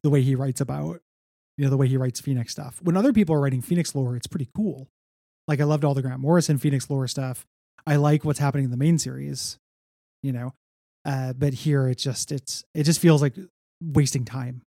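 A man with a gravelly, mellow voice talks through a comic book issue on a podcast. He rambles wryly, dropping dry jokes between plot points. The sound is close and dry. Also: medium pitch, fairly even intonation, a little fast, no echo. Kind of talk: casual chat.

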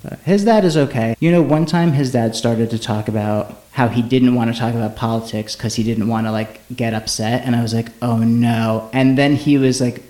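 A man's voice: mid-range voice, fairly quick, few pauses, mellow. A man hosting a casual podcast, chatty and joking with mock sponsor asides. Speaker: podcast host. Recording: echoey room recording.

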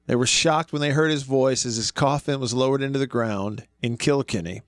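A man's voice: mid-range voice, a little fast, dry recording, clean studio sound. A male sports radio host chatting casually on air and laughing often as he tells a story. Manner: laughs often while telling stories. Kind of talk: casual radio show chat.

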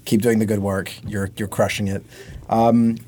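A man's voice: lowish voice, little pitch movement, moderate pace, darkish tone, a little hiss or hum. A man appearing as a podcast guest in a studio, chatting casually with dry, self-deprecating humor.

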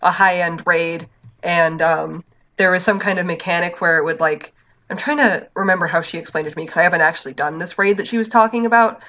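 Lowish voiced woman chatting about games, lots of um and like, dull muffled sound. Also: brisk, a bit bright. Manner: rambling storyteller, frequent fillers and laughs. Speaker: podcast co-host. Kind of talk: casual chat about a video game.

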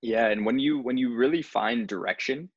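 A man's voice: medium pitch, moderate pace, breathy edge, no echo, dull audio. A man in casual conversation who speaks earnestly about finding one's path. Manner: earnest, spiritual talk.

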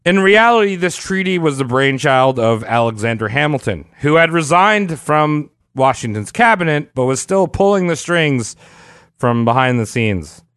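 A man's voice: on the high side, expressive, moderate pace, fairly bright tone, clean tone, no room sound, clean studio sound. A man co-hosting a casual comedic history podcast, explaining events at length with crude jokes and frequent laughs.

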